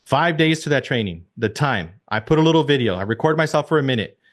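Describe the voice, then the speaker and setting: An energetic man coaching a group over a video call, speaking into his computer mic. He drives his points home by repeating them and keeps tossing rhetorical questions at his listeners. His voice sits at an ordinary middle pitch for a man. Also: fast talker. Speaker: real estate team leader.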